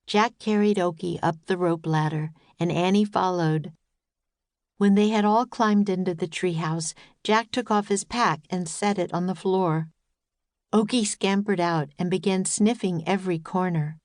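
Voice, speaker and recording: A woman narrating a children's audiobook in a gentle, even storytelling manner, close to a studio mic. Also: lowish voice, moderate pace, dry recording.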